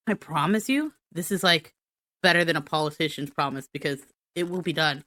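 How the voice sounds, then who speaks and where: Woman streamer, goofy rambling rant, bright ringing voice, dry close sound. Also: sits low, expressive, moderate pace, no echo. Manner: silly, rambling, self-mocking. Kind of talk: rambling be-right-back rant.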